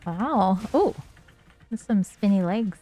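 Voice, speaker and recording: A woman chatting casually on a live stream, laughing often and cooing at her cats in a high sing-song voice. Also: lively intonation, slow pace, dark tone. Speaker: livestreamer.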